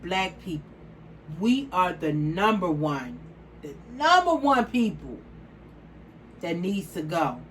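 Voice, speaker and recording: A woman's voice: fairly low pitch, big pitch swings, takes it slowly, pauses often, slight background noise, rough recording. Outspoken woman in her forties. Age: 40s. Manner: outspoken, emphatic, repeats phrases for stress. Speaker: vlogger. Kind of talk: casual to-camera vlog.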